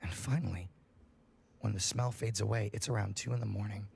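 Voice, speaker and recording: A young man reading a scary story aloud on a livestream, in a profane, animated storytelling manner. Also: on the low side, fairly quick, vocal fry, slightly rough.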